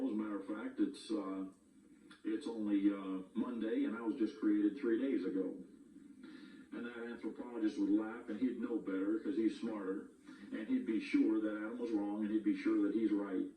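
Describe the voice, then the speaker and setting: A man's voice: on the low side, dark tone, echoey room, far from the mic, slight background noise, rough recording. A male pastor preaching a sermon, telling a long story in a plain, repetitive storytelling manner.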